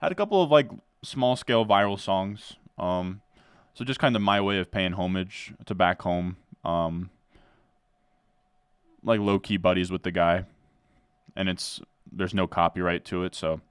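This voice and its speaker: Deep-voiced laid-back guy. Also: measured pace, clean tone, no room sound, clean studio sound. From New Jersey. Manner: laid-back, says "dude" a lot, answers chat as he goes. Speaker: fantasy football streamer. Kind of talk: casual live-stream chat while drafting.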